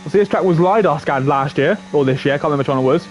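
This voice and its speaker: A man's voice: fairly high pitch, rapid-fire, slight background noise. A man co-commentating a sim race on a livestream, laid-back and joking, greeting viewers as he goes.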